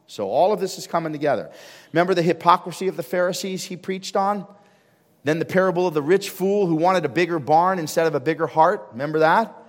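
Pastor, male, slightly high voice, punchy rhetorical sermon delivery, long church-hall reverb. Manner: emphatic preaching with rhetorical questions, rising to loud fervor. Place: church sanctuary with congregation.

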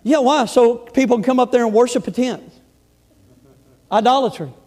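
A pastor preaching a sermon, emphatic, repeating words and stressing key phrases slowly and loudly. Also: male voice, very high voice. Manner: emphatic, repeats words, shifts between loud bursts and slow stresses.

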